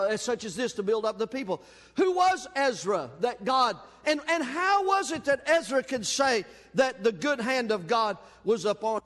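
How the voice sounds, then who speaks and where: A man preaches in a church sanctuary, his voice sitting very high for a man. He tells folksy, self-deprecating stories before turning to scripture. The sound trails off in a long hall reverb. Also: a bit bright. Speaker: pastor. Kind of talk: sermon with personal story.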